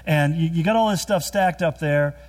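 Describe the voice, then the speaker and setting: Man, pastor, sermon, earnest, emphatic, slightly high pitch. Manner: earnest preaching with rising emphasis and quick storytelling asides.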